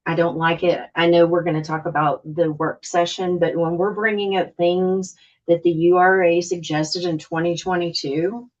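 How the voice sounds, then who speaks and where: A woman's voice: fairly low pitch, little pitch movement, moderate pace, highs cut off. A woman on a board meeting video call, speaking frankly but hesitantly, with many fillers. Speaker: housing board member. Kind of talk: meeting discussion.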